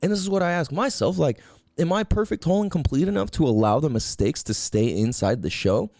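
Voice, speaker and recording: A man's voice: on the high side, a little fast, gravelly, no room sound, clean studio sound. A man hosting a solo podcast, ranting in a profane, rambling way with lots of emphatic rhetorical questions. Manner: profane, animated, rambling rant. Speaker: podcast host.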